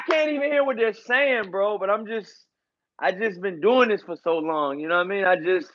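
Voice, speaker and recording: A high-pitched man calls a boxing fight live for his stream, loose and excitable, tossing in "man" and "y'all" constantly. His home mic sounds a little dull and muffled. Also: moderate pace. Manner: loose, hyped, repeats catchphrases and fillers like man and y'all. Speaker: boxing commentator and channel host.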